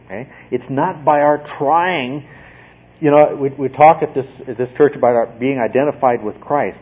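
A pastor teaching a sermon, explaining step by step and often checking in with a questioning "okay?". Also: male voice, medium pitch, expressive, moderate pace, slightly rough. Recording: tinny phone-like radio sound.

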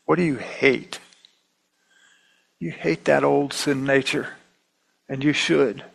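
A man's voice: medium pitch, slow, gravelly, slightly rough, rough recording. A middle-aged man teaching a Bible class in a conversational way, repeating himself and acting out the quotes he reads. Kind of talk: sermon.

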